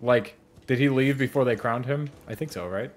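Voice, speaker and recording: At a moderate pace and in a mid-range voice, a young YouTube host reacts to a video as he plays a game. The chat is casual, full of swearing and frequent laughter, and he sometimes puts on exaggerated voices when quoting.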